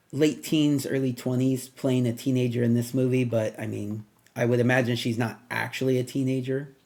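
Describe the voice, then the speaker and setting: A man's voice: medium pitch, darkish tone. Rambling casual man reviewing a movie. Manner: rambling, thinks aloud with many ums and asides.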